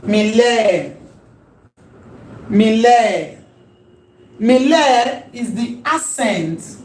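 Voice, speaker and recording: A woman teaching a language lesson, repeating key terms slowly and emphatically. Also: on the high side, a little mellow, a little hiss or hum. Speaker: Hebrew teacher. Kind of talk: classroom lecture. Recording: echoey room with faint ambience.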